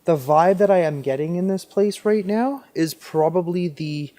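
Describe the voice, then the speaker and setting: A man's voice: sits high, moderate pace, dark tone. A young man vlogging alone at night in a forest as a paranormal investigator, talking to the camera with many filler words. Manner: talks to camera with filler words, often shifting into urgent frightened whispers. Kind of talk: solo night vlog in a forest.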